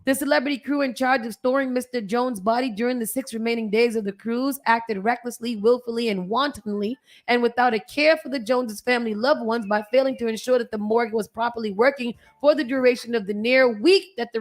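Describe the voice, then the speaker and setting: A woman co-hosts a morning radio show. She chats casually and reads news aloud, reacting loudly and laughing wryly between stories. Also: a little high, brisk, hardly any pauses. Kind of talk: casual chat and news reading.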